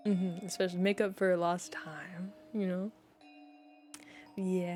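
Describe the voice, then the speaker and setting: A woman's voice: fairly low pitch, fairly even intonation, unhurried, long pauses, darkish tone, faint music behind. A young woman streamer chatting casually with her viewers, talking in a rambling, heartfelt way.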